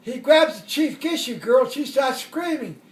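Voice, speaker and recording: Older man, war story, very high voice, rambling, echoey room, away from mic. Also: lively intonation, a little slow, recorded from a distance. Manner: rambling, chuckling, acts out shouted quotes. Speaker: veteran telling a war story. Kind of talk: casual storytelling.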